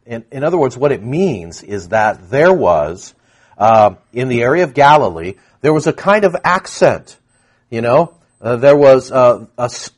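A man's voice: mid-range voice, breathy edge. A man preaching a conversational sermon to a congregation, teaching with frequent asides and questions. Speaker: pastor.

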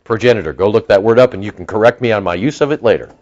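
A man preaching a sermon as pastor, animated, with lively emphasis and asides to his listeners. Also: on the low side, fast, lo-fi sound.

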